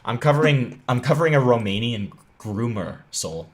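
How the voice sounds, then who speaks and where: A man's voice: mid-range voice, expressive, normal speed. A young man hosting a commentary video, reading a document aloud and reacting with sarcasm, swearing and laughter. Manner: sarcastic, profane, often laughing.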